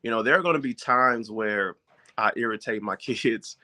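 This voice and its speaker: A man's voice: medium pitch, moderate pace, pushed and bright. A man talking casually to viewers as a parent giving advice, informal and direct, often checking in with his listeners.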